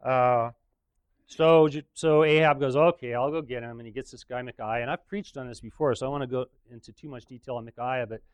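A man's voice: medium pitch, fairly even intonation, fairly quick, clear, resonant tone, no room sound. A man preaching in a casual, joking way, retelling a story with frequent chuckles.

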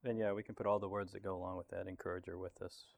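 A man leading a casual group Bible study, relaxed and thinking aloud, often chuckling. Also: sits low, very fast, vocal fry.

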